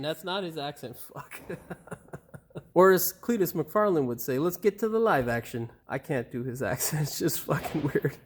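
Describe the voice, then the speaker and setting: A man hosting a car repair tutorial in his garage. He is upbeat, keeps calling viewers "boys and girls," and curses freely when things go wrong. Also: fairly high pitch. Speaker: host of a car repair channel. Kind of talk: casual how-to tutorial with outtakes. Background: neighbor's air compressor.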